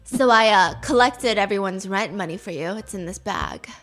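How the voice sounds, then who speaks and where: A woman voicing a baffling young man, a rookie actor, in a flat, matter-of-fact mumble, in a comic retelling. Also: mid-range voice, moderate pace, soft background music, pitched below the performer's own voice. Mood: deadpan.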